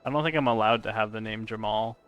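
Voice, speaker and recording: A man's voice: on the low side, fast, fairly bright tone, clear, resonant tone. A man chatting casually while live-streaming a game, answering chat and laughing often.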